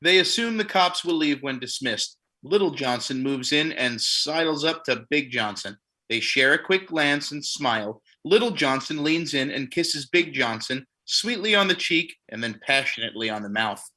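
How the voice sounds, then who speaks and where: Guy reading stage directions for a comedy play, super bright tense voice, deadpan asides. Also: a little high, normal speed, few pauses.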